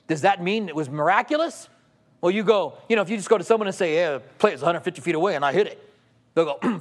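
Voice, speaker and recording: A man's voice: high voice, sing-song, a little fast, long pauses. A man preaching a sermon in a conversational way, asking the congregation rhetorical questions and acting out quoted voices. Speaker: pastor.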